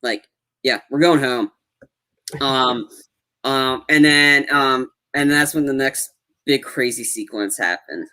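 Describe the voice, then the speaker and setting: A man's voice: medium pitch, slow, bright, forceful tone. Guy rambling thru a movie recap, lots of ums and likes. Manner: rambling, lots of fillers and restarts. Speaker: podcast co-host, movie reviewer. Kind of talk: casual chat.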